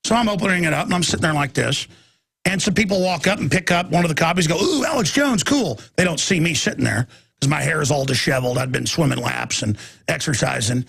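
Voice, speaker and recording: A man in his forties hosting a radio talk show, telling a rambling story and breaking into high mocking squeals when he imitates people. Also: fast, vocal fry, fairly bright tone, husky.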